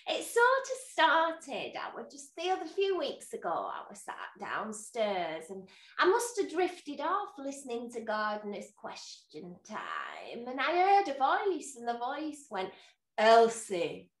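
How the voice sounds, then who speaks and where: A woman's voice: a little high, huge pitch swings, slow, heavily acted. A woman voicing a chatty elderly neighbour in her nineties with a sprightly, coy way of talking, heard over a video call. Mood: eerie. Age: 90s. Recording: echoey room, away from the mic on a video call.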